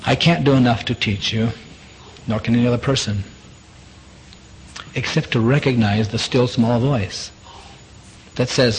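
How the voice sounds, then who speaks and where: Man preaching a sermon, earnest, repeats himself a lot, mid-pitched, faint hiss behind. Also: unhurried, pauses often, low-quality recording. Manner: earnest, repetitive, rhetorical questions.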